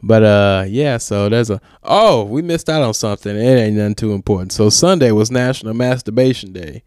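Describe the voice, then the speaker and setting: A man's voice: on the low side, a little fast, a little mellow, smooth, no echo, clean studio sound. A man co-hosting a podcast in loose, slangy, joking casual chat. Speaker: podcast co-host.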